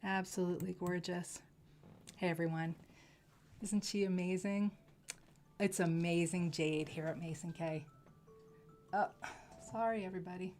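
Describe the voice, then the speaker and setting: A woman hosting a live jewelry sales stream, gushing effusively over each piece and dropping into soft asides. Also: lowish voice, fairly even intonation, a little slow, pauses often, soft background music. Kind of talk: live shopping stream presentation.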